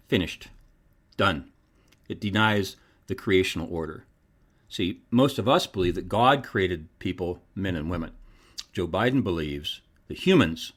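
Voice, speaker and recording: A man hosts his own podcast, reading scripted commentary. His delivery is emphatic and preacherly, with wide swings in pitch.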